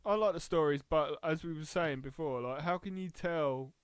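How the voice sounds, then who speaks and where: A man's voice: a little high, moderate pace, clean tone, dry recording. A man co-hosting a podcast, teasing his partner, giggling and sounding sceptical. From England. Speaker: podcast co-host and editor. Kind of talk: casual podcast banter.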